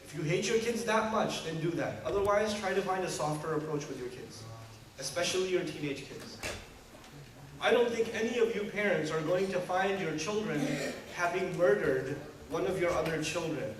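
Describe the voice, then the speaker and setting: A man delivering a sermon to a gathering, animated, with rhetorical questions and humorous asides. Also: a little high, normal speed. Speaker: preacher. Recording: echoey hall from far off.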